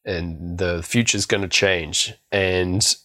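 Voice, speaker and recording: A man's voice: low-pitched, fairly even intonation, slow, bright, forceful tone. A man co-hosting a podcast, recapping a film in a rambling, storytelling way and laughing often. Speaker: podcast co-host. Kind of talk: casual film recap chat.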